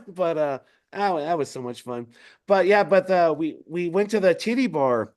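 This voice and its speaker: Man, animated raconteur on a video call, somewhat high voice, laughs a lot. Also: moderate pace. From Denver area. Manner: animated, laughing often, swears freely. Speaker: musician guest. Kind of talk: casual storytelling chat.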